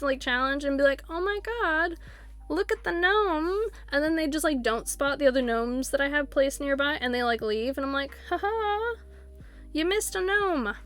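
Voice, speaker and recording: A high-pitched woman chats to her live-stream audience while she plays, rambling from one thing to the next. She laughs often and acts out excited little quotes. Faint music plays underneath. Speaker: Twitch streamer. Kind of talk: casual live-stream chat.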